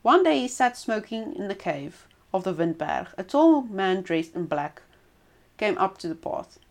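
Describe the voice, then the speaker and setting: Female storyteller, reads a folk tale aloud, expressive, mid-pitched. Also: measured pace. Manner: expressive reading with small restarts.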